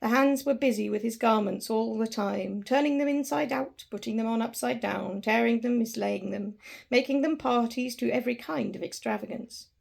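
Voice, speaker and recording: Gravelly, high-voiced woman reading a story aloud. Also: moderate pace. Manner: expressive, dramatic reading. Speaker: narrator.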